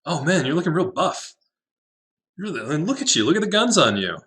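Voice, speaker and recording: Brief: a man doing a teasing, gushing admirer, voice pushed up high and bright. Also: sing-song, quick pace.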